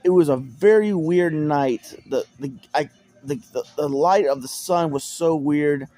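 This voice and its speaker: A man's voice: fairly high pitch, a little slow, mellow, faint music behind. Man rambling through a personal story. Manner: rambling, repeats words, restarts sentences. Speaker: storyteller recounting personal experience. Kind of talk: casual spoken monologue.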